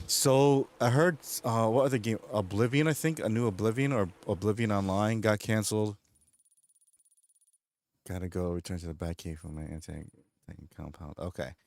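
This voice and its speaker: A man's voice: on the low side, darkish tone. A man streaming, chatting casually while gaming, rambling along and laughing often. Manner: rambling, laughs often, does goofy voices in retold scenes.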